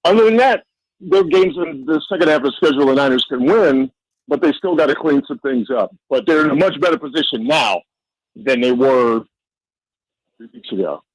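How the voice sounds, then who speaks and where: A man appearing as a guest football analyst on a sports radio show, talking casually and playfully, getting animated when he jokes. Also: normal speed, gravelly, dry recording, rough recording. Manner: animated, playful, rising pitch when joking. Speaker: NFL insider guest.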